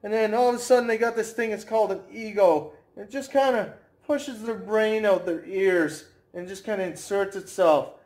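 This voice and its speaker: A man ranting to camera as a fitness vlogger, brash and mocking, slowing right down to stress his points. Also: high voice, darkish tone. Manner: brash, mocking, slows down for emphasis.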